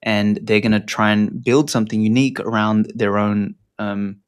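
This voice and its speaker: A man's voice: on the low side, level tone, normal speed, smooth. A man talking as an interview guest, loose and rambling, with lots of fillers and casual swearing. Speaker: podcast guest.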